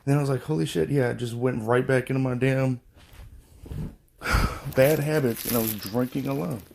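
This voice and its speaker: A young man rambling casually on his own vlog, thinking out loud and swearing freely as he talks outdoors into a phone. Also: medium pitch, moderate pace, vocal fry, slight background noise. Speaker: podcast host, delivery driver. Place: outdoors at home.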